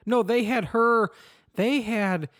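Podcast co-host, male, high voice, dry close sound, animated and chatty. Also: slow, no echo. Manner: animated, quotes characters in mock voices, swears. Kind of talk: casual chat reviewing a TV episode.

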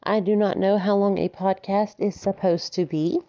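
A woman's voice: mid-range voice, fairly even intonation, moderate pace, mellow. A woman from Alabama with a light Southern accent, hosting a casual podcast monologue, giggly and freely swearing as she mocks herself. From Alabama, United States. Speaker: podcast host. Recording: slightly dull lo-fi recording.

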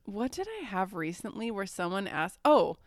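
A woman's voice: mid-range voice, lively intonation, moderate pace, no echo, studio quality. A young woman co-hosting a podcast, chatting casually, reacting to her co-host and laughing often. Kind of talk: casual chat.

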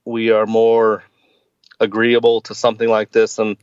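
Man, forties, podcast guest, halting casual chat, muffled dry sound. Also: on the low side, monotone, smooth, dry recording. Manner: hesitant, many fillers and restarts.

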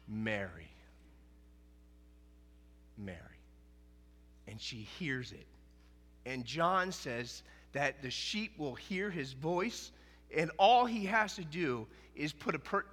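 A man preaching a sermon as pastor, in an animated, conversational way, often acting out quoted dialogue. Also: a little high, big-room sound.

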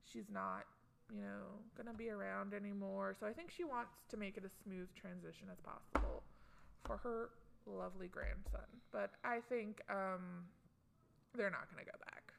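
A woman's voice: medium pitch, moderate pace, gravelly, slight background noise. A young woman co-hosting a casual pop culture chat, chatty and gossipy, tossing in joking asides. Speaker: co-host.

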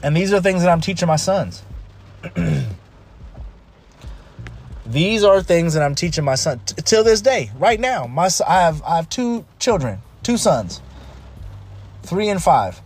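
A man's voice: high-pitched, big pitch swings, a little slow, long pauses. Emphatic man in his thirties. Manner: emphatic, repetitive, restarts often. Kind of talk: casual monologue. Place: home during a rainstorm. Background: pouring rain, faint music.

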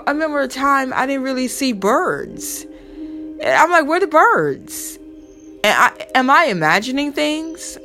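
Woman rambling pep talk, emphatic, repeats herself a lot, soft music behind. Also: mid-range voice. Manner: chatty, emphatic, preachy with repeated exhortations. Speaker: motivational host. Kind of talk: casual motivational talk.

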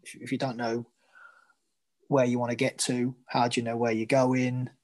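A man's voice: medium pitch, little pitch movement, normal speed, a little mellow. A man, a new dad and coach, talking casually with many fillers and restarts. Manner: rambling, hesitant, many fillers. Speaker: podcast co-host, coach. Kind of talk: casual chat.

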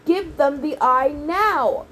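A woman's voice: very high-pitched, lively intonation, moderate pace, a little mellow, slight background noise, voice pushed up. A woman reading an audiobook aloud, voicing an urgent, bossy teenage girl. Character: anxious, urgent teen girl. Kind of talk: audiobook character voices.

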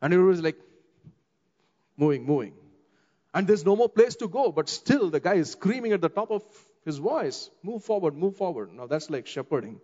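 A middle-aged man with an Indian English accent, preaching a sermon as a pastor and slowing down for emphasis. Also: fairly high pitch. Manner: expressive, slows down for emphasis, acts out quoted voices. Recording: long hall reverb, dull muffled sound.

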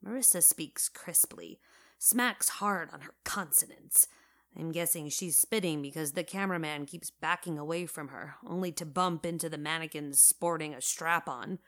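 A young woman narrating first-person audio fiction in a wry, casual, deadpan way. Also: deep voice, moderate pace.

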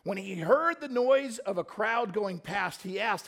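A man's voice: sits high, expressive, a little slow, creaky, fairly bright tone. A male pastor preaching a sermon, telling a story with dramatic shifts.

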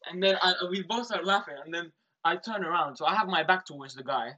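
Fast, bright-voiced teenage boy storyteller. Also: sits high, muffled recording. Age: teens. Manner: animated storytelling, acts out quotes, laughs. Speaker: storyteller brother. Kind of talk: casual chat.

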